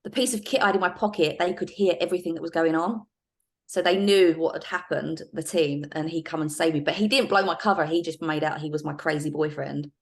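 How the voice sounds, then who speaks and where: A middle-aged woman in a podcast interview, telling anecdotes in a lively casual way with frequent laughs and fillers. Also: low voice, a little fast. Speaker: guest, former undercover police officer.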